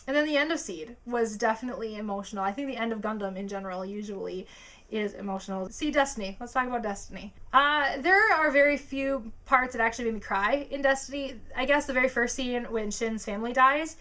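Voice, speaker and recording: Young female vlogger, excitable and fangirly, bright tone, casual to-camera chat. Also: a little high, a little fast. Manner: excitable, gushing, squeals and filler words.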